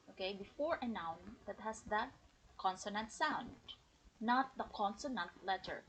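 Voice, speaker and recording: A woman teaching an English grammar lesson on a livestream, explaining slowly and checking in with the viewers. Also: fairly high pitch, a bit bright, slightly rough, low-quality recording. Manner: slow, explanatory, checks in with "okay?".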